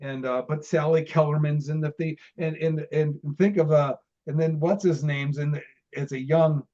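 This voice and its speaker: A man's voice: fairly high pitch, steady tone, normal speed, warm tone, highs cut off. Rambling man telling old film-set stories. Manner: rambling, many restarts, laughs while telling. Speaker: interview guest, former film extra. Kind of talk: casual storytelling interview.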